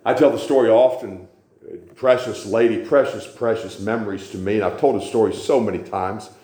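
A man's voice: on the low side, normal speed, warm tone. Storytelling preacher man in echoey church. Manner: storytelling preacher, repeating phrases for emphasis. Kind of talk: sermon.

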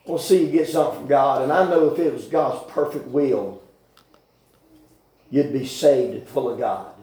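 A man preaching a folksy, rambling sermon with sudden shouted bursts in a church. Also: medium pitch, moderate pace. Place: church hall. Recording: very echoey church from far off.

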